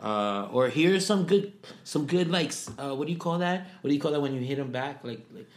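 Animated podcast host in an echoey room. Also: male voice, fairly high pitch, a little fast. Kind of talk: casual chat. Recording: roomy echo.

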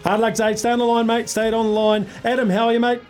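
A man's voice: very high voice, monotone, fast talker, a little mellow. A man hosting a radio sports quiz, chummy and upbeat, calling callers mate. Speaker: radio sports show host.

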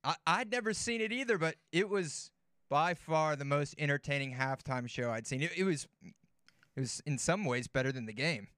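This man's voice is on the high side, clear and resonant, at a moderate pace, with studio-quality sound and no room sound. As a guest on a sports talk show, he chats and tells stories in a relaxed way, laughing easily and repeating words.

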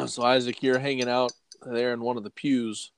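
A man's voice: mid-range voice, steady tone, normal speed, vocal fry, a little hiss or hum. A man running a tabletop game as game master, narrating with frequent hesitations. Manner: hesitant, lots of fillers and restarts.

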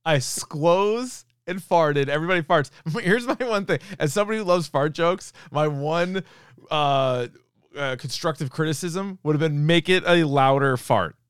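A man co-hosting a comedy podcast in an easygoing, loose way, slipping into quick impressions as he retells scenes. His voice is smooth and resonant, recorded close and dry with no room sound around it. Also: fairly high pitch, dry recording. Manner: animated, acts out quoted lines. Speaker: podcast co-host. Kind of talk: casual comedy podcast chat.

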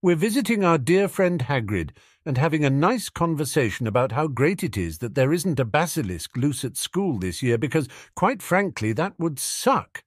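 A man's voice: mid-range voice, big pitch swings, slightly rough, no echo, studio quality, pitched above the performer's own voice. A man voicing a cocky sarcastic teen boy wizard. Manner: smug, quick-witted banter.

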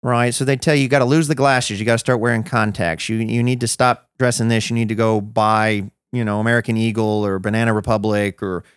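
A man's voice: lowish voice, steady tone, a little fast, few pauses, smooth, no echo, clean studio sound. A man as a podcast guest, telling his own story in a reflective, self-deprecating way with many restarts. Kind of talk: personal storytelling in a podcast interview.

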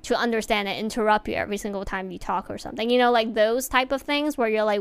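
A woman's voice: mid-range voice, fast talker, few pauses, smooth, dry recording. Chatty woman giving workplace advice. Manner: chatty, many fillers, animated emphasis. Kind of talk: casual advice talk to viewers.

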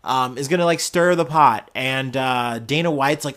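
A man's voice: medium pitch, fairly even intonation, normal speed, hardly any pauses, fairly bright tone, smooth. A man hosting a casual solo news podcast, jokey and sarcastic, laughing often as he riffs. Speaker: podcast host.

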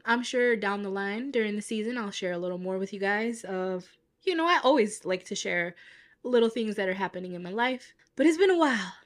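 A woman's voice: a little high, fairly bright tone. A young adult woman hosting a podcast in casual chat, with a stuffy nose from a cold, upbeat and chatty, often laughing at herself. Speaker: podcast host.

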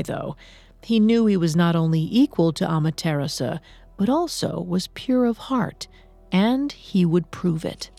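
A woman narrates a myth in a measured, even storytelling manner. Her voice is mellow and a little low, recorded dry and close. Faint music plays behind her. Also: no echo.

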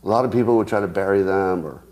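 Speaking quickly in a low, slightly mellow voice, a male host delivers solo commentary on the headlines. His tone is sarcastic and mockingly outraged, and he often restarts sentences and laughs to himself while thinking aloud.

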